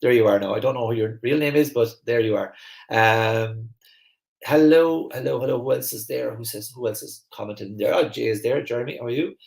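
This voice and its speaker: Brief: Irish man with a Kerry accent, fast and chatty livestream host, mid-pitched voice in a roomy space. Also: gravelly. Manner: fast, energetic, chatty, many fillers and restarts. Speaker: host of a live online masterclass. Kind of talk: live-stream talk to viewers, reading the chat.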